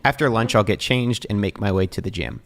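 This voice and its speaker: Calm, measured man narrating a vlog. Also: on the low side, creaky. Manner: calm, measured and even-toned. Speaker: vlogger.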